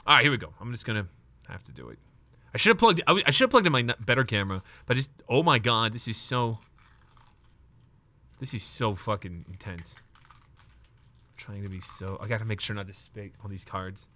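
A young man live streaming as he opens trading card packs, excitable and nervous, talking to his chat and swearing now and then. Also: fairly low pitch, fairly quick, dry recording.

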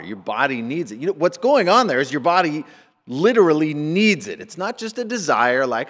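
Pastor preaching in a reverberant hall. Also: male voice, on the high side, moderate pace. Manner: conversational and animated, acting out little quoted asides. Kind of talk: sermon. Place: church sanctuary. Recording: church hall with long reverb.

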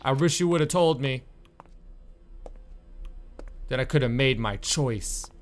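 A man's voice: medium pitch, slow pace, slight background noise. Exasperated man commentating a game. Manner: exasperated, swearing, loud outbursts. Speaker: gaming YouTuber. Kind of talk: let's-play commentary.

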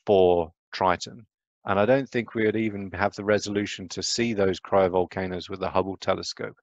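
A man's voice: low voice, no room sound, highs cut off. A man giving a casual, chatty lecture on astronomy, often checking in with "right?".

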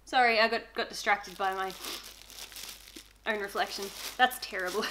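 A woman's voice: medium pitch, expressive, unhurried, pauses often, over music. A young woman YouTuber talking in a casual unboxing vlog, earnest and emotional, with frequent giggles. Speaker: beauty YouTuber.

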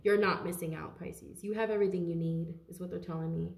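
A woman giving a casual tarot reading straight to her viewers, chatty and animated, laughing often and talking to them as "you guys". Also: on the low side, fast talker, creaky, reverberant. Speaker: tarot reader.

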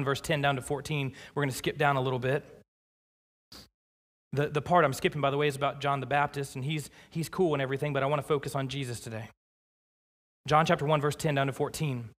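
A man preaching a sermon as pastor, emphatic, slowing down hard on scripture lines. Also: medium pitch, fairly even intonation, a bit bright. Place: church sanctuary. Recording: long church reverb.

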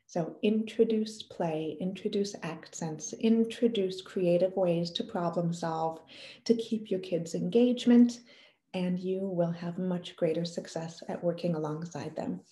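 Woman, mellow voice, parenting advice, earnest and explanatory, echoey room. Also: fairly low pitch, measured pace. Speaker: parenting educator. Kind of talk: advice talk to camera.

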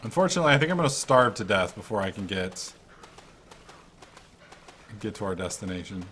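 A man giving casual commentary over his own gameplay, excitable and swearing freely. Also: on the low side, a little fast, slight background noise. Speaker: let's-play gamer.

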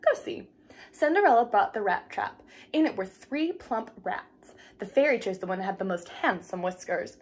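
A woman reading a fairy tale aloud for children in an expressive storytelling voice. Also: mid-range voice, normal speed.

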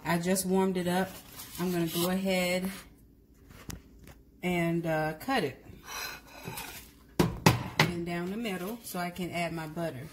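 A woman's voice: on the low side, fairly even intonation, slow pace, long pauses, heavy background noise. A woman giving a casual cooking demonstration in a chatty way, often correcting herself and speaking directly to her viewers. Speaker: cooking vlogger.

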